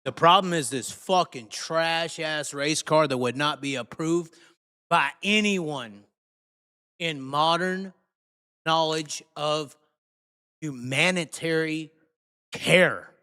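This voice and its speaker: A man hosting a live show, ranting angrily and cursing, swinging between shouts and mutters. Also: a little high, slow pace, long pauses, clean tone, big-room sound. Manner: heated, profane, shifts from shouting to muttering. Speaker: host. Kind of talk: angry live rant.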